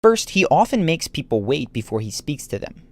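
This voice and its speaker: A man doing scripted narration for a video essay, explaining points in a measured, analytical way. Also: fairly high pitch, very animated, no room sound.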